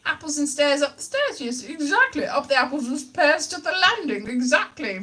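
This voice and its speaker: Playful, high-voiced woman. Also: sing-song, moderate pace, sharp tone. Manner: playful and silly, slipping into put-on voices and nonsense sounds. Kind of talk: comic rambling chat.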